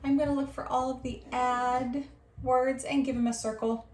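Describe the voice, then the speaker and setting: A woman teacher leading young children through a reading lesson, modelling each line slowly and praising them. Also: high voice, level tone, a little mellow, a little hiss or hum. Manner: slow, drawn-out modelled reading with encouraging praise. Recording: roomy echo.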